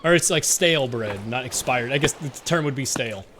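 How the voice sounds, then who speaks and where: A man's voice: mid-range voice, lively intonation, fairly quick, noisy background. A male streamer giving casual gameplay commentary, rambling and self-mocking with frequent laughs.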